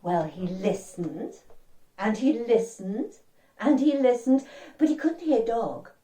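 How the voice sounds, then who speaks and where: A woman's voice: on the high side, animated, slow pace, warm tone. A woman telling an interactive story to children, speaking directly to young listeners and inviting them to join in. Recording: roomy and distant.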